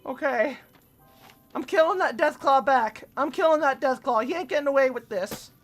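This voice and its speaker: A young woman streaming herself playing a video game, excitable and swearing freely as she talks to the enemies on screen. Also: high voice, normal speed, faint music behind. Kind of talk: casual gameplay commentary.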